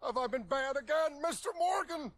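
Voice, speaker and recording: A man's voice: extremely high pitch, expressive, brisk, no room sound. An actor playing a drunken, rambling older preacher man who slurs and wallows in self-pity, in video game voice acting. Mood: sorry. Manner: slurred, self-pitying, wandering.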